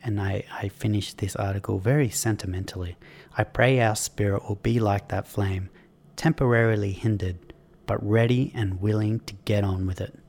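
A man's voice: lowish voice, fairly even intonation, normal speed, gravelly, darkish tone. An Australian man hosting a podcast, giving an emphatic, sardonic opinion monologue and reading aloud from his own article, with frequent restarts. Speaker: podcast host.

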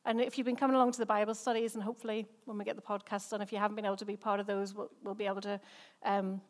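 A middle-aged English woman, a senior pastor, preaching in a chatty, conversational way with rhetorical questions and quick restarts. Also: medium pitch, flat delivery. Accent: English, softened by time living in Northern Ireland. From England. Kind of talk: sermon.

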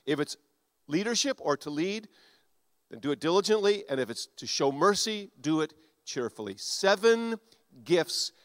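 At normal speed, a male preacher with a slightly high voice gives a sermon, recorded dry and close. Lively throughout, he moves between loud, punchy statements and soft asides, voicing the characters he quotes.

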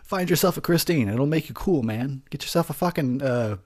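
A man's voice: fairly high pitch, expressive, fairly quick, a little mellow. Rambling tipsy man with profane humor. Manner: rambling, profane, laughs often. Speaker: movie commentary host. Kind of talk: drunken movie commentary.

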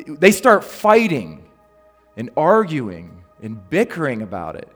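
A man preaching a sermon as a pastor, telling a story in a relaxed, conversational way with frequent ums and restarts. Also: a little high, slow pace, long reverb tail, soft background music.

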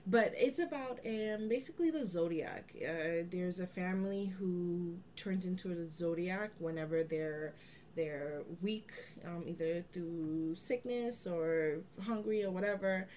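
Chatty female podcast co-host, lowish voice. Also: unhurried, slight background noise. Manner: chatty, animated, laughs easily. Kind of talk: casual chat.

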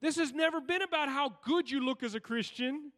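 A man with a high voice preaches to his congregation, throwing questions out to the room as he reads and explains scripture. His voice rings with a long reverb through the church sanctuary. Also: brisk, a bit bright. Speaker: pastor. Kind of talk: sermon.

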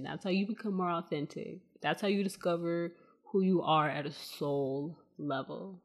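A woman hosts a spiritual podcast, talking casually to her listeners, whom she calls y'all, in a soft, meandering way full of fillers. Her voice is on the low side and moves at a moderate pace.

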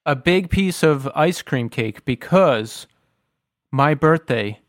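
A man's voice: on the high side, expressive, slow pace, no echo, studio quality. A man co-hosting a podcast in casual chat, teasing his co-host and swearing freely.

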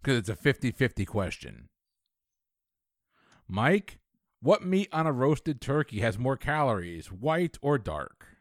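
A man's voice: medium pitch, big pitch swings, a little slow, pauses often, no echo, clean studio sound. A man co-hosting a casual trivia chat, rambling and jokey as he thinks aloud through the answers. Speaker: podcast co-host playing trivia.

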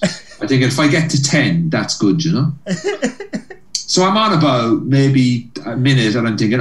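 Laughing and doing voices for each character, an Irish comic guest works through a lengthy story with plenty of energy. He speaks at medium pitch and a moderate pace, captured from a distance in a roomy space on a low-quality recording.

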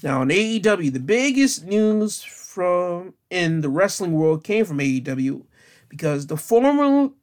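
A man's voice: high voice, sing-song, measured pace. A man giving a casual spoken recap of wrestling news, chatty and loose, with frequent fillers and restarts.

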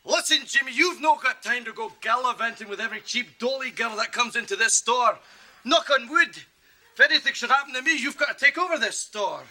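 A man playing a hot-tempered Scottish shopkeeper father with a shouty, explosive manner. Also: very high-pitched, animated, a little fast, heavily acted. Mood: gruff. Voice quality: shouty, explosive, mock-threatening. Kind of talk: comedy sketch acting.

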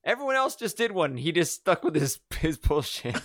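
A man co-hosting a casual movie podcast, thinking out loud and correcting himself. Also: on the high side, sing-song. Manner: quick, musing, self-correcting. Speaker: podcast co-host. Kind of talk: casual movie-review chat.

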